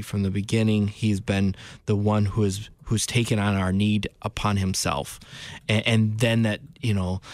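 A man's voice: on the low side, no room sound. A man co-hosting a casual Bible discussion, reflecting thoughtfully with frequent fillers. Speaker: Bible study co-host.

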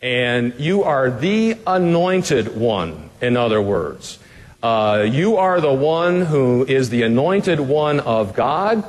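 A man's voice: medium pitch, sing-song, slow, big-room sound. A man as pastor teaching a Bible passage in a conversational sermon, putting rhetorical questions to the listeners in a casual way with fillers.

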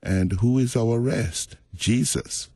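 A middle-aged man, a pastor, talking about faith in a relaxed, reflective, storytelling way. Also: mid-range voice, slow, vocal fry, breathy edge, no room sound, clean studio sound. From Jamaica. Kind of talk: casual faith conversation.

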